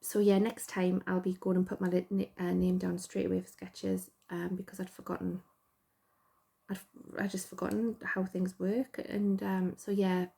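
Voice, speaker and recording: A woman's voice: lowish voice, little pitch movement, normal speed, creaky, warm tone. A middle-aged woman with a Geordie accent, chatting casually and rambling as host, self-deprecating and full of fillers. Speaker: podcast host. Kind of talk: casual chat.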